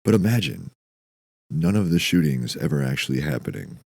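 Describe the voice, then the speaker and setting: A man hosting a podcast, delivering a dry, deadpan, profane comedic monologue. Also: rumbling low, moderate pace, gravelly, husky, dry recording. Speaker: podcast host.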